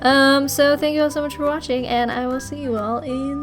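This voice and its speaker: A young woman with a fairly high voice chats through viewer questions in a loose, rambling way. She breaks into giggles often, and faint music plays underneath. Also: fairly even intonation, moderate pace. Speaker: YouTuber. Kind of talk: casual Q&A vlog.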